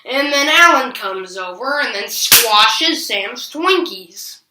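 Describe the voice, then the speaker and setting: A woman's voice: a little high, lively intonation, slow, background noise. Woman, casual TV episode recap, slangy and sarcastic, distant mic, echoey room. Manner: chatty, slangy, sarcastic asides. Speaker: TV episode reviewer. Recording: roomy echo, distant from the mic.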